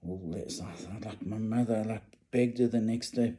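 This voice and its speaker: Middle-aged man, casual storyteller, rambling with restarts, very dark mellow tone. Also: on the low side, moderate pace, hardly any pauses. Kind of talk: personal storytelling.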